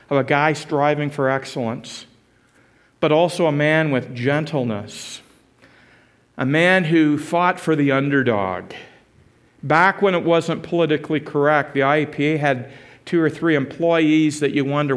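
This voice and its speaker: A pastor preaching a sermon, telling a personal story in an earnest way and building to emphatic exhortation. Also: male voice, a little high. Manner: animated, rising to emphatic exhortation.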